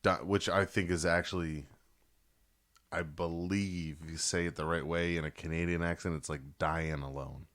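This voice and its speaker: A man co-hosting a music podcast, talking in loud, excitable, profane banter while reviewing albums. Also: deep voice, moderate pace. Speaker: podcast co-host. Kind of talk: casual chat reviewing albums.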